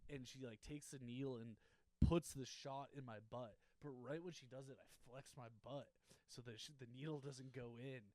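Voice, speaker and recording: A man co-hosting a comedy podcast, an animated storyteller who laughs often, speaking into a studio microphone. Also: medium pitch, moderate pace, dry recording. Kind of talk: casual comedic chat.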